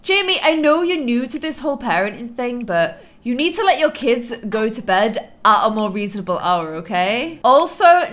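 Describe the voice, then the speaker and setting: A young woman talks through her gameplay in a bright, high voice that swings up and down constantly. She gasps, teases and scolds the characters on screen like a fond onlooker. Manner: animated, gasping, teasing asides to players. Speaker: let's play host. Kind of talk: casual gameplay commentary.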